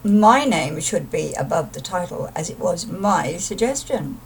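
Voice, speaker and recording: A woman's voice: lowish voice, expressive, unhurried, a little hiss or hum. A woman voicing a boastful, bossy male captain bird in a storybook poem, talking in a pompous, self-important way, recorded from a distant mic.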